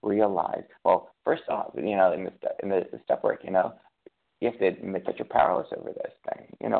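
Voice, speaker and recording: A man's voice: sits low, fairly even intonation, brisk, vocal fry. A man sharing about recovery in a rambling, self-correcting, conversational way. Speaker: recovery program member sharing. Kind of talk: casual spiritual recovery talk. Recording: tinny phone-like sound.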